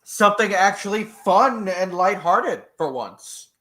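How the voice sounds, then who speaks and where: A man co-hosts a casual livestream chat in a high, animated voice that swings widely. He takes his time and sounds wry, with a bright, sharp edge to his tone. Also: measured pace. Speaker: co-host.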